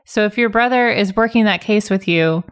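A woman's voice: medium pitch, moderate pace, clean tone. Sarcastic woman ranting about a show. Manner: sarcastic, exasperated commentary. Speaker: podcast co-host. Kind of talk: casual chat recapping a show.

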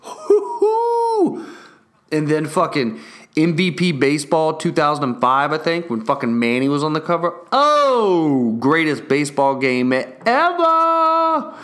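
A young man with a slightly higher-than-average voice rants in a loose, rambling way, swearing at nearly every turn. He gets hyped quickly, piles one aside onto another, and keeps a restless, excitable energy throughout. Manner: profane, excitable, restless storytelling. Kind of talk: rambling casual rant.

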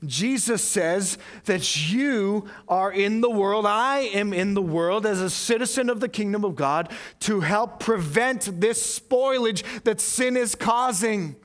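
High-voiced earnest preacher man. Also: unhurried, few pauses. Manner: earnest, building emphasis with repeated questions. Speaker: pastor. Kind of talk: sermon.

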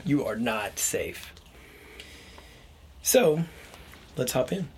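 An animated man chatting casually through scripture with friends. His enthusiasm comes in quick bursts. A faint background noise sits under his voice. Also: medium pitch. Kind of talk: casual Bible study chat.

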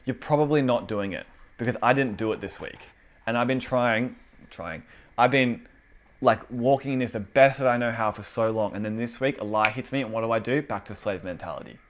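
A young man preaching a casual, conversational sermon with an animated delivery and lots of fillers. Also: medium pitch, a little fast.

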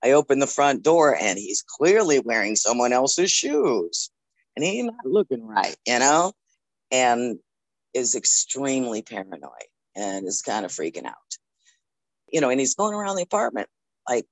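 A woman's voice: rumbling low, sing-song, moderate pace, no room sound. A middle-aged woman sharing a memory as a guest, in a conversational manner with frequent fillers. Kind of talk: personal storytelling.

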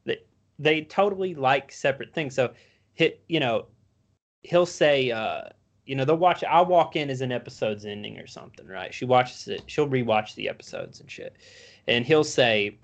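Swearing man telling animated stories. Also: medium pitch, normal speed, vocal fry, muffled recording. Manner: profane, animated storytelling. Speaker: podcast co-host. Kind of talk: casual chat.

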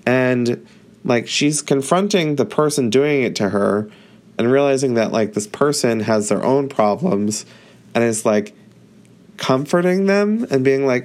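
Man, casual show recap, chatty and rambling, mid-pitched. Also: animated, a little slow, a little mellow. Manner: chatty, heavy use of "like".

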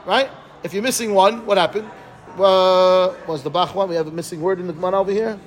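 A man teaching a Talmud class, reading Aramaic and explaining it phrase by phrase in English, often checking with listeners. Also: sits high. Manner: quick, animated, asks listeners "right?".

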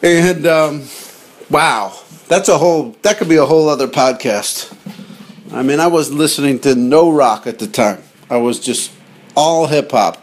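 A man's voice: a little high, unhurried. Rambling, jokey male podcast host. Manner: rambling, jokey, addresses listeners as gang. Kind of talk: casual comedic monologue over TV clips.

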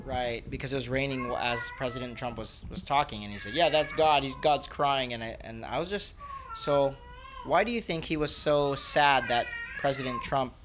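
A man's voice: mid-range voice, moderate pace, noisy background. A man, a father, patiently asking his young children questions in a casual family chat at home.

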